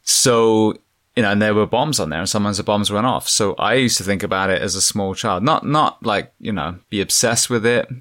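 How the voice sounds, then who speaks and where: Deep-voiced English man hosting a podcast. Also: fairly bright tone, dry recording, studio quality. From England. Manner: reflective, halting, with many fillers. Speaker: podcast host. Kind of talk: casual interview conversation.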